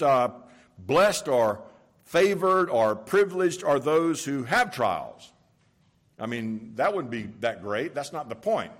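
A man's voice: fairly high pitch, fairly bright tone. A man preaching a sermon in a conversational, storytelling way, stressing points by repeating them. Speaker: pastor.

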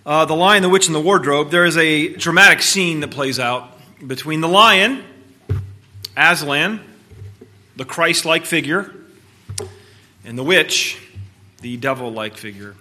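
A man giving an earnest, expressive storybook reading and adding his own commentary. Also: a little high, unhurried, long pauses. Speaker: speaker reading from a book.

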